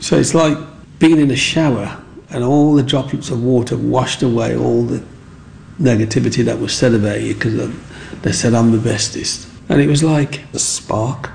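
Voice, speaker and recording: A man's voice: medium pitch, normal speed, gravelly, darkish tone, slight background noise, poor audio. A man, earnestly recalling his childhood in a rambling, heartfelt way. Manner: rambling, earnest, with frequent asides. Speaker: interviewee. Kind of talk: reflective storytelling.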